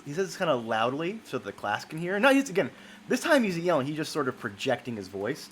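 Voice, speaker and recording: A man chats casually while streaming a game, rambling through a story with fillers and restarts. His voice sits in an ordinary middle pitch. Faint noise sits behind the home stream mic. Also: big pitch swings, rapid-fire, a bit bright. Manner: rambling and chatty, many fillers and self-corrections.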